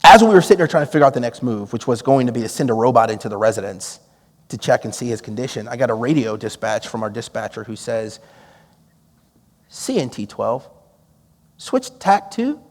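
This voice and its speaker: A man preaching a storytelling sermon, drawing on his time as a police negotiator and acting out the dialogue with lively energy. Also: medium pitch, fast talker, in a large hall. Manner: animated, acts out quoted dialogue with laughs.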